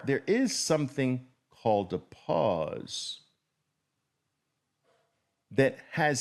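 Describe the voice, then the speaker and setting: Male trading instructor, slow and deliberate, mid-pitched, explains while drawing. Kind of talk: whiteboard trading lesson.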